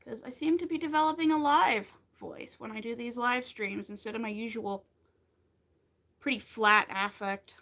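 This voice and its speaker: A woman in her thirties, fairly high-voiced, keeps up a bright, chatty patter with her live-stream viewers while crocheting. She greets newcomers and talks between stitches in an easygoing, friendly way. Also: normal speed.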